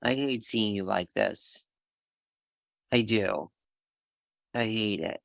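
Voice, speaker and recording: A man's voice: lowish voice, slow pace, vocal fry, fairly bright tone, dry recording. A man in a recovery group who talks in a gushing, repetitive way, heard over a video call. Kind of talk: group sharing.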